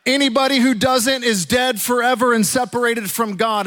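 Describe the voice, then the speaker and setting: A man with a high, bright-sounding voice preaches a sermon in a casual, animated way. His delivery swings between quick asides and bursts that rise in force. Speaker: pastor. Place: church auditorium.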